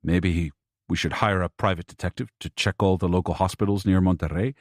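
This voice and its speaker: A man reading a steady, practical young husband. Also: low-pitched, a little fast, dry recording, studio quality, natural voice.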